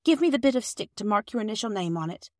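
A woman voicing the sensible eldest girl, calm and soothing with her younger siblings. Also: medium pitch, quick pace, no room sound, clean studio sound, natural voice.

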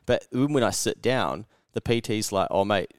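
A man's voice: lowish voice, moderate pace, dry recording, clean studio sound. A man with a New Zealand accent, co-hosting a podcast and telling stories in casual chat, swearing freely and acting out the people he quotes. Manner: animated storyteller, swears freely, acts out quoted voices. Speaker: podcast co-host.

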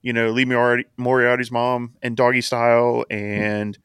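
A man's voice: mid-range voice, completely flat delivery, normal speed, a bit bright, clean tone, dry recording, clean studio sound. A man co-hosting a casual wrestling podcast, recapping in a chatty way and laughing as he acts out quotes. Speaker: podcast co-host.

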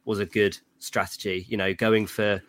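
A man's voice: fairly low pitch, little pitch movement, moderate pace. A man on a football podcast panel who talks in a hesitant way and often repeats words. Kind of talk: casual chat.

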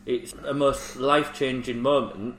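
A man's voice: mid-range voice, level tone, unhurried, a bit bright, a little hiss or hum. Man co-hosting in an echoey room. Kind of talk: casual chat. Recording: roomy echo, faint background.

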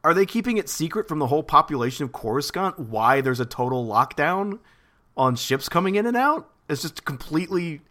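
A man's voice: fairly high pitch, big pitch swings, brisk, pushed and bright. A man co-hosting a podcast, recapping chapters in a rambling, laughing chat. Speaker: podcast co-host.

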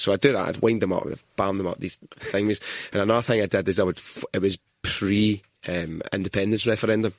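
A Scottish man with a fairly low voice, hosting a casual podcast and bantering with easy, offhand swearing. The sound is close and dry, with no room echo. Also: steady tone, brisk, few pauses. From Scotland. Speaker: podcast host. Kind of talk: casual chat.

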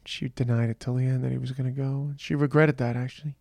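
A tired middle-aged man talks through a personal monologue in a slow, halting way, often trailing off and restarting. His voice has a gravelly fry at a medium pitch. The recording is dry and close, with no room sound. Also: level tone, darkish tone, dry recording. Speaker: podcast host.

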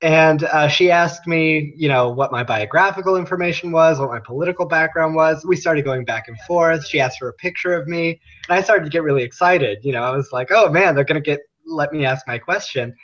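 A man's voice: fairly high pitch, brisk, hardly any pauses, fairly bright tone. A young man, a guest on a talk show, telling his story earnestly and laughing often. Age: young adult. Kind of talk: casual interview. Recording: muffled lo-fi line.

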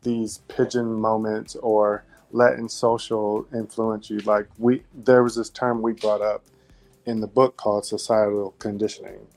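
A man's voice: on the low side, little pitch movement, measured pace, darkish tone, soft background music. A man speaking as a guest on a podcast, talking loosely in casual conversation with lots of "you know" and "like". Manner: rambling, many "you know" and "like" fillers.

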